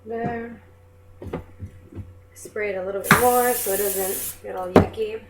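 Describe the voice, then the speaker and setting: A woman's voice: medium pitch, fairly even intonation, unhurried. A young woman chatting casually as she preps food in her home kitchen, self-deprecating and apologetic as she goes. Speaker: home cook vlogger. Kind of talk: casual cooking demonstration. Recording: echoey kitchen with background noise.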